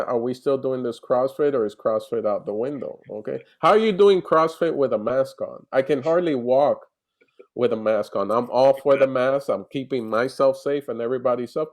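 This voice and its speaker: A man, a comedian, chatting casually in an interview over a video call, animated and rambling with restarts. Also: mid-range voice. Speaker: comedian guest.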